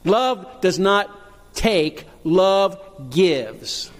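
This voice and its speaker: A male pastor preaching a sermon, reading scripture and rising to impassioned high cries. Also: lively intonation, very slow. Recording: long hall reverb.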